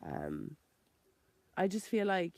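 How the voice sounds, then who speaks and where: Slow and on the low side, her voice swinging hugely in pitch, this woman from Ireland talks with no echo. The vegan vlogger, nursing a chest infection, delivers a candid, wandering vlog monologue in her Irish accent, leaning on "like," correcting herself and swearing freely.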